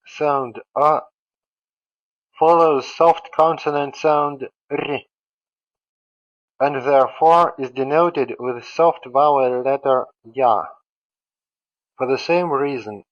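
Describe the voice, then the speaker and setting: A man's voice: medium pitch, highs cut off. A man teaching a grammar lesson, methodically saying each form and then its translation. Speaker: language teacher. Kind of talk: slow instructional explanation.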